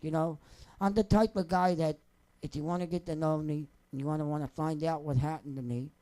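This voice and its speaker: A man's voice: a little high, steady tone, fairly quick, warm tone, poor audio. A young man, a singer telling personal stories off the cuff in a rambling, wry, joking way. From New Jersey. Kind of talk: casual off-the-cuff storytelling.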